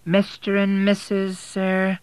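A man's voice: sits high, monotone, slow pace, smooth, no echo, pitched above the performer's own voice. A man voicing a polite but suspicious hotel receptionist, in an audiobook reading.

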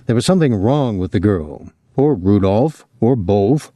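A male audiobook narrator with a mellow, warm tone and a lively, rising and falling delivery. The recording is dry and close, with no room sound. He tells the story in a measured, expressive way. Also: lowish voice, dry recording, dull audio. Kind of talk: scripted narration.

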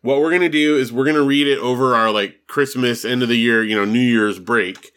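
A man co-hosting a podcast in relaxed, chatty conversation, often laughing. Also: medium pitch, fairly quick, clear, resonant tone. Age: adult with children. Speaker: podcast co-host. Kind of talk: casual chat.

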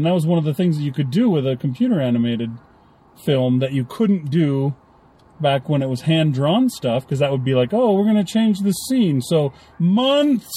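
A man's voice: a little high, warm tone, slightly rough. A man co-hosting a casual podcast chat, rambling and acting out little quoted lines. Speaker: podcast co-host.

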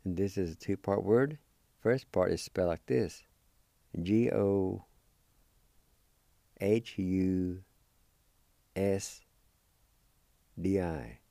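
A middle-aged man giving a slow, deliberate spelling and pronunciation lesson, spelling out letters one by one. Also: sits low, creaky, dark tone, dry recording, clean studio sound. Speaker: radio language teacher.

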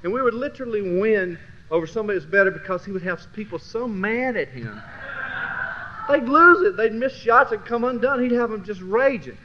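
A man teaching a Christian class through personal storytelling, swinging from low murmurs to loud bursts. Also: expressive, a little fast. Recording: dull lo-fi recording with faint hiss.

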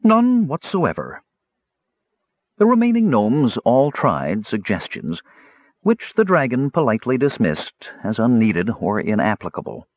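A man reads a fantasy novel aloud with very lively, expressive pitch. His voice is husky and dry, and the recording sounds dull and lo-fi. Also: normal speed, dry recording. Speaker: audiobook narrator. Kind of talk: scripted narration.

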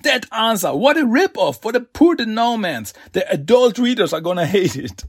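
A man's voice: high voice, brisk, fairly bright tone, no echo, pitched above the performer's own voice. A man puts on a bored, petulant trickster creature from another dimension, a comic-book being who whines and demands attention in a raised, pushy voice. The sound is dry and close. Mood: indignant. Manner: whiny, demanding, theatrical.

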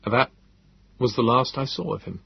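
A man narrating a story in a measured, descriptive way. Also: mid-range voice, creaky, breathy edge, no echo, lo-fi sound. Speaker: audiobook narrator. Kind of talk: scripted narration.

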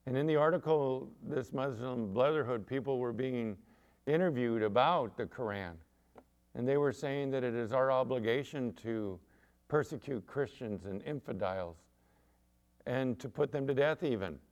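A middle-aged man, a pastor, preaching a sermon with animated storytelling and acted-out quotes. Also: mid-range voice, moderate pace, highs cut off.

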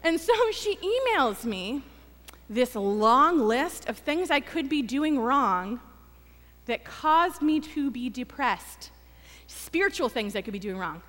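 A woman's voice: high-pitched, big pitch swings, takes it slowly, a bit bright. A woman pastor giving a conversational sermon, telling stories with acted quotes and self-deprecating humor. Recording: long reverb of a church hall.

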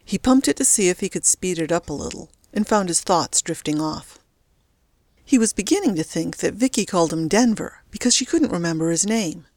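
A woman narrates a story in a steady, even voice that sits on the low side. The recording is close and dry, with no room sound. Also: brisk, dry recording. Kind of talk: audiobook narration.

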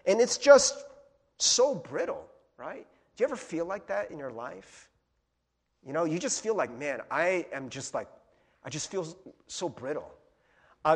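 A man preaching a casual, conversational sermon as a pastor, animated and chatty, full of fillers and repeated words. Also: fairly high pitch, breathy edge.

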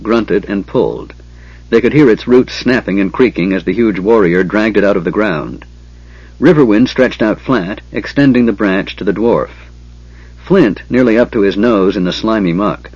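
A man narrating a fantasy novel in a measured storytelling manner. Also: lowish voice, lively intonation, darkish tone, breathy edge, no room sound, lo-fi sound. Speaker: audiobook narrator.

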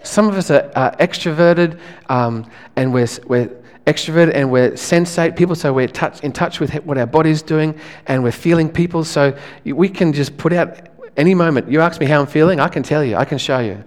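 A male pastor, preaching a sermon in a relaxed, conversational way, often restarting his phrases. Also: fairly high pitch, brisk, hardly any pauses, in a large hall.

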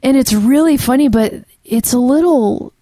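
A woman's voice: sits high, normal speed, mellow, no room sound. A woman co-hosting a podcast in casual chat, talking with frequent fillers and restarts. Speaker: podcast co-host.

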